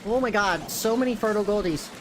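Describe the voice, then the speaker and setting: A young man chatting excitedly while streaming a video game, with sudden jumps in pitch. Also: fast, background noise. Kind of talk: casual gameplay commentary.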